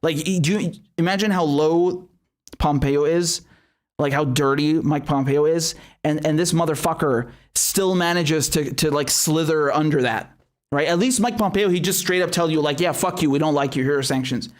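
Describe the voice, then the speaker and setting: A man's voice: a little high, normal speed. A man hosting a live stream, commenting bluntly with heavy swearing and many restarts, then reading viewer chats. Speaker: show host.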